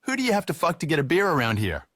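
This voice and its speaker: A man's voice: a little high, huge pitch swings, racing, fairly bright tone, no echo, voice pushed up, full character voice. A man doing a slurring, belligerent drunk tradesman. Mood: rowdy. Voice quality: slurring, coarse.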